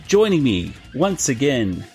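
A man's voice: medium pitch, very animated, measured pace, a little mellow, faint music behind. A man hosting a cartoon podcast, chatting casually, laughing often and rambling with fillers. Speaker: podcast host.

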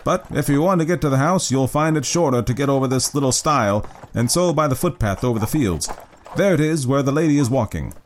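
A man's voice: mid-range voice, animated, fairly quick, slight background noise, voice pushed up, lightly acted. A man reading an audiobook, voicing a helpful, chatty country cab driver in a raised voice.

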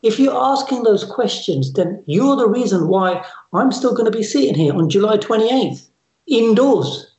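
A man's voice: high voice, expressive, normal speed, darkish tone. Wry man in a roomy, dull recording. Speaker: podcast co-host, DJ. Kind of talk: casual podcast chat. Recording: roomy, slightly dull sound.

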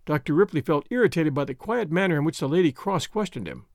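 A man reading a classic story aloud in a measured, expressive way. His voice sits fairly high for a man and moves a great deal in pitch. The recording is close and dry, with no room sound. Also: gravelly, no room sound. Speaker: audiobook narrator. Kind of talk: scripted narration of a classic story.

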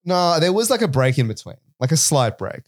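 A man's voice: fairly high pitch, very animated, brisk, no echo, clean studio sound. An Australian man co-hosting a podcast, telling a rambling anecdote in casual chat, peppered with "right?" and "like". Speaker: podcast co-host.

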